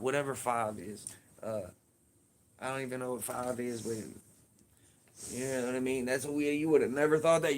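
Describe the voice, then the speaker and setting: A man chatting casually on a phone stream from home, rambling and swearing his way through a story. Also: medium pitch. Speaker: vlogger. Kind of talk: casual livestream chat.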